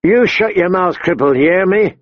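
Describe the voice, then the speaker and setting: A man's voice: sits high, lively intonation, normal speed, no room sound, voice pushed up. A man reading an audiobook, voicing a big bald male outlaw who makes tense, desperate threats, in a dry, slightly dull recording. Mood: threatening.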